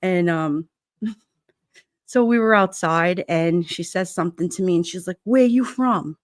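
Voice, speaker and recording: A woman's voice: fairly low pitch, a little slow, dry recording, studio quality. A middle-aged woman from Brooklyn with a New York accent, telling a neighbor story on a casual livestream, laughing often and acting out the voices in her story. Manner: animated, laughing often, acts out quotes. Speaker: livestream vlogger.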